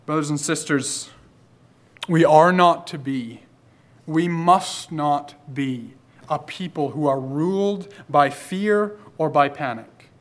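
A man preaching a sermon, building emphasis through repeated phrases and slowing down to stress key lines. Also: on the high side.

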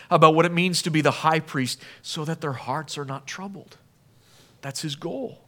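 Guy preaching a sermon, high voice, earnest, keeps asking the church questions. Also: a bit bright. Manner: earnest, rising to emphatic appeals then dropping low; asks the listeners many questions. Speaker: pastor.

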